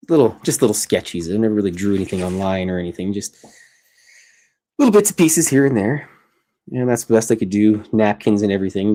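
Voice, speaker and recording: A man's voice: low voice, dark tone. A man hosting a casual livestream from his home art studio, chatting while he draws, rambling and cutting himself off mid-sentence. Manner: rambling, self-interrupting, chatty. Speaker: streamer host.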